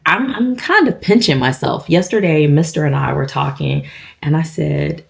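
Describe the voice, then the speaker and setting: A woman in her fifties talks straight to her viewers in a loose, chatty vlog. Her voice sits low and gravelly, with a husky edge, and she takes her time. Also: moderate pace. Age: 50s. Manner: chatty, warm address to viewers with fillers. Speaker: vlogger. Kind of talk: casual vlog chat.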